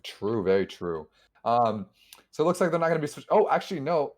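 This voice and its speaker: A male esports caster calling a match live over a headset. His voice sits slightly high and leaps around in pitch as the action heats up. He talks in quick bursts, often restarting his sentences. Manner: excitable, quick play-by-play with frequent restarts.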